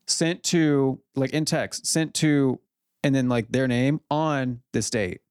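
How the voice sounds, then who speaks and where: A podcast co-host with a mid-range voice, talking in a relaxed, casual way and telling stories. The sound is dry and close on the microphone. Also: mid-range voice, slow, clear, resonant tone, dry recording. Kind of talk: casual chat. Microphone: studio microphone.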